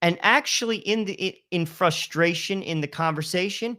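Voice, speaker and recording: Talking at a normal speed with hardly any pauses, a podcast co-host in his fifties discusses faith in a casual, emphatic way. His high-sitting voice is pushed and bright, and he leans on "listen" and "you know" again and again.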